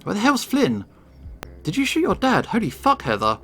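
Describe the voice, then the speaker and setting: A man's voice: high-pitched, huge pitch swings, moderate pace, fairly bright tone, faint music behind, voice pushed up, full character voice. A man voicing a wounded young male bat in a visual novel, hissing and swearing. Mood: alarmed. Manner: hissing, profane.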